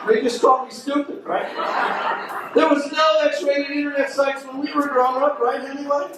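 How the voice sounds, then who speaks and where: A loud, teasing male stand-up comedian on a club stage, his voice sitting unusually high. The recording is distant and heavily echoey, with noticeable background noise and audience laughter. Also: fairly even intonation, normal speed.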